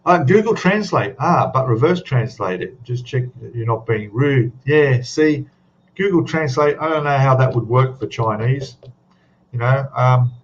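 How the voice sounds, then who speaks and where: Australian male stream host, mid-pitched, casual and rambling, dull lo-fi audio. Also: lively intonation, unhurried. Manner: rambling, chatty, tags questions with "eh?". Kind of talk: casual chat to a live audience.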